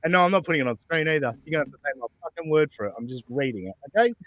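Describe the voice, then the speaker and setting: A man's voice: on the high side, lively intonation, rapid-fire, fairly bright tone, no echo. A man hosting a podcast in casual chat, rambling and swearing freely, with lots of fillers and chuckles. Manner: rambling, profane and laughing, with many fillers. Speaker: podcast host. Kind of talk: casual chat, reading out messages.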